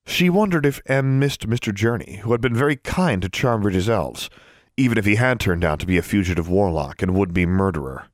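Male audiobook narrator, low register, animated delivery, dry booth sound. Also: a little fast, dry recording. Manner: expressive storytelling. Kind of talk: scripted narration.

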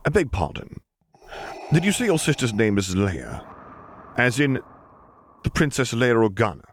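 A man's voice: mid-range voice, sing-song, unhurried, slight background noise, pitched above the performer's own voice. A man voicing a nervous, fussy middle-aged admiral who speaks formally and anxiously.

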